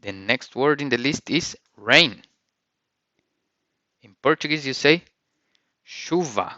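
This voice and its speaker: A male language teacher talks through a vocabulary lesson, speaking each word and then repeating it with care. His voice is bright and forceful, and it sounds dry and close. The recording itself is dull and slightly lo-fi. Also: mid-range voice, animated, unhurried, no room sound. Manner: says each word and repeats it, careful pronunciation.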